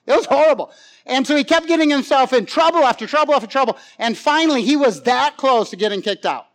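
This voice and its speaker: A man with a high voice preaches a sermon and tells a story with real animation. He swings between loud, excited passages and quiet, pleading ones. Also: fast talker.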